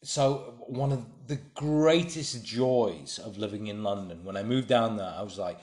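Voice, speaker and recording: A man's voice: lowish voice, measured pace, few pauses, a little mellow. A man co-hosting a podcast, telling a wry, rambling and sweary story in casual chat. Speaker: podcast co-host. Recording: roomy echo.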